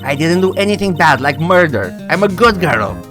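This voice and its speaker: A man doing a shrill, bratty young woman witness. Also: sing-song, moderate pace, music in the background. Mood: smug. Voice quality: high, pouting, sing-song. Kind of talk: reading game dialogue aloud on stream.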